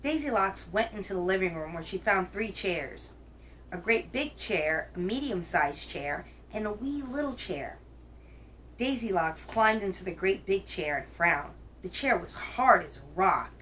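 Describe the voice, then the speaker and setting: A woman hosting a children's reading show, telling a picture book aloud in a gentle, expressive way. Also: mid-range voice, slight background noise, low-quality recording. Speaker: children's story reader, host.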